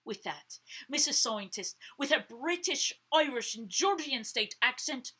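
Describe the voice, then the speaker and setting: A woman reading a story aloud to children, animated, often dropping to a whisper to ask the listener questions. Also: sits high, measured pace, breathy edge, low-quality recording.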